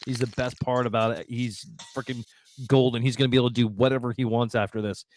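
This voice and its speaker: A man's voice: medium pitch, fairly even intonation, fast talker, darkish tone, slight background noise. A man co-hosting a casual online show, gushing about a movie in rambling bursts. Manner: enthusiastic, rambling movie praise. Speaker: podcast co-host. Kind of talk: casual chat.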